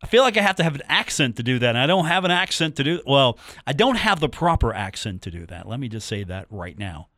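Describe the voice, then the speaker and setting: A man's voice: mid-range voice, sing-song, quick pace, hardly any pauses, a bit bright, dry recording. Chatty male sports radio host, dry studio. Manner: chatty, joking, repeats phone numbers and catchphrases. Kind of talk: casual sports talk radio. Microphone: studio microphone.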